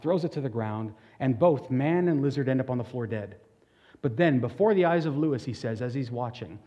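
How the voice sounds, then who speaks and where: Man, pastor, sermon; warm, relaxed voice, earnest and chatty, long hall echo. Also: mid-range voice. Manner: earnest, conversational preaching with frequent restarts.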